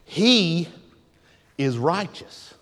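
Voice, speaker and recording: A man preaching a sermon, moving from quiet teaching to shouted, drawn-out preaching. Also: on the high side, very animated. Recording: long hall reverb.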